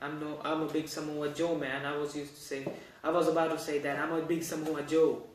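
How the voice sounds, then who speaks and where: A man with a fairly high voice runs a casual news show, rambling and stopping to correct himself. He sounds animated and loose. The room around him is noticeably echoey. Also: brisk, slight background noise. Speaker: host.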